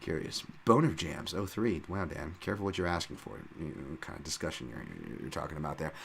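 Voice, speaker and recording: A man's voice: rumbling low, a little fast, vocal fry, a bit bright, breathy edge. A male podcast host giving a casual, rambling fight-betting breakdown, full of fillers, restarts and casual swearing.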